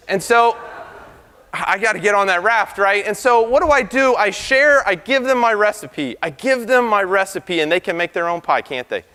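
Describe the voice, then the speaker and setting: A computer science professor giving an animated debate speech, firing rhetorical questions at the crowd. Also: male voice, high-pitched, brisk. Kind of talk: lively debate speech to an audience. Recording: reverberant hall.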